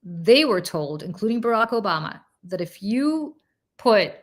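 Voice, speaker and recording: A woman hosting a political talk show, telling a story in an animated, casual way with asides and restarts. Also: medium pitch, unhurried. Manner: slips into mocking quoted voices of politicians. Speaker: political commentator and show host.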